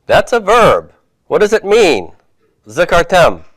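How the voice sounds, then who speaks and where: A man's voice: high-pitched, wildly swooping pitch, takes it slowly, a bit bright, dry recording. A man teaching a Hebrew class, reviewing homework and patiently asking his students questions before answering them himself.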